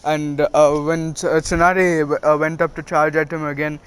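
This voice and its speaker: A man's voice: a little high, level tone, normal speed, clean tone. A man casually retelling a fan-fiction story, full of "uh" fillers and "he was like.".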